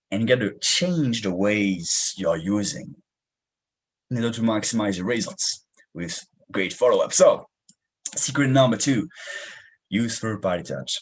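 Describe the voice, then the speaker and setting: A young man with a French accent giving an energetic, punchy sales training talk, slangy and direct. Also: fairly low pitch, a little slow, breathy edge, poor audio. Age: young adult. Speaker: sales coach.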